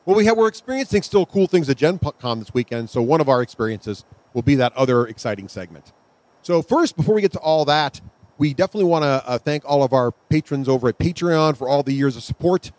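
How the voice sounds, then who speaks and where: A man's voice: on the high side, expressive, fast talker, a little mellow, no room sound. A man co-hosting a live podcast at a convention, speaking in an upbeat, enthusiastic way. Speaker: podcast co-host.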